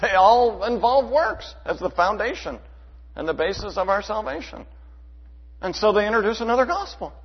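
Emphatic preacher in an echoing church. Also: male voice, sits high, animated, normal speed, husky. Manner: emphatic, rhetorical questions, swings between loud and hushed. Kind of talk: sermon. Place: church sanctuary. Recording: dull hall reverb.

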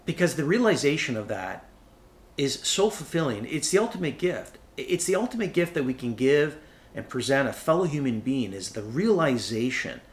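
A man speaking as an inspirational speaker, passionate and emphatic, his voice rising to high peaks as he gets carried away. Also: sing-song, moderate pace. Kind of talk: enthusiastic motivational talk.

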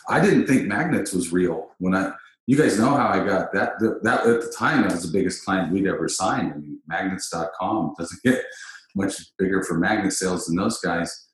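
A man hosting a casual business podcast, telling stories in an animated, emphatic way. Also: low voice, normal speed. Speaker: podcast host. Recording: very echoey room.

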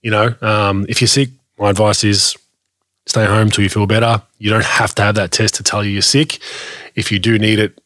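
A man's voice: fairly low pitch, level tone, moderate pace, fairly bright tone, no room sound, studio quality. A man with an Australian accent ranting bluntly, full of swearing, in a casual chat on a podcast.

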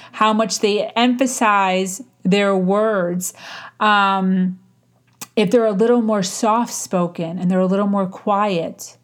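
A woman talks through her advice in a loose, unscripted way, full of "like" and "um" and restarted sentences. Her voice sits in an ordinary middle register. She stretches some words slowly and rushes through others, like someone teaching informally off the cuff. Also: medium pitch. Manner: conversational, frequent fillers and restarts, varied tempo. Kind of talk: casual instructional talk.

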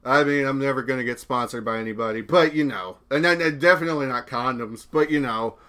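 A man's voice: medium pitch, fast talker, pushed and bright. A young man hosting his own podcast, talking alone in a laid-back, rambling way and swearing casually. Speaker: podcast host. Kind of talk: casual solo podcast talk.

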